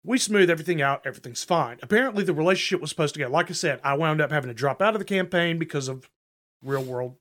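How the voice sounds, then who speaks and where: A man's voice: on the high side, expressive, quick pace, a bit bright. A man chatting casually, blunt and foul-mouthed, who often repeats himself. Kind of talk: casual chat.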